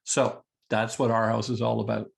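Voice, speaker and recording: A man, a guest speaker, finishing a presentation in halting, monotone speech with fillers. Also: on the low side, creaky. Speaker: guest speaker, housing developer. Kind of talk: presentation wrap-up.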